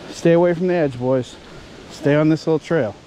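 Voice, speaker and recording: A man's voice: on the high side, mellow. A man, chatting casually and fatherly with his sons on a hiking trail, warning them and joking along the way. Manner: chatty, fatherly, warns and jokes with his kids. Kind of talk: casual vlog narration. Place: outdoors by a waterfall on a hiking trail. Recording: rushing waterfall noise.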